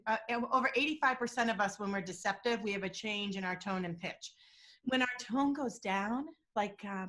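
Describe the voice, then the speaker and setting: A woman talks as a guest expert in an interview, lively and animated. She swings her pitch up and down as she acts out the voices she quotes. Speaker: guest expert on lie detection.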